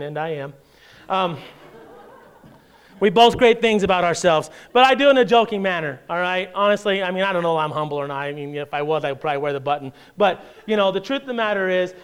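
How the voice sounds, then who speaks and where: A man preaching a sermon as pastor, talking in a lively, joking conversational way with many rhetorical questions, and reading scripture aloud in a measured tone. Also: a little high, clean tone.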